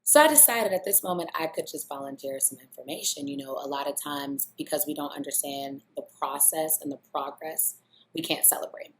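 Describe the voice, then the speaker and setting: A woman's voice: low-pitched, brisk, few pauses, a little hiss or hum. A young woman talking in a casual, reflective monologue, loose and conversational. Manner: conversational, loose, with many "you know" fillers. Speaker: vlogger.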